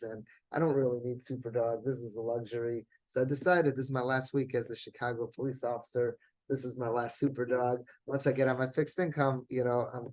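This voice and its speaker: A man, a rabbi telling a story in a sermon, animated and at times rising to near-shouting. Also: medium pitch, low-quality recording.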